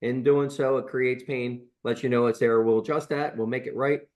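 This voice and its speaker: A man's voice: medium pitch, steady tone, normal speed, dull audio, natural voice. A man voicing a middle-aged male chiropractor who patiently repeats the same explanation. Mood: explaining. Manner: repetitive, explanatory.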